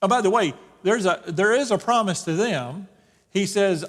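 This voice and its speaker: Speaking at a normal speed in a high, expressive voice, a pastor leads a Bible study casually, cracking jokes and frequently starting sentences over. The church sanctuary gives the recording a long, echoing reverb.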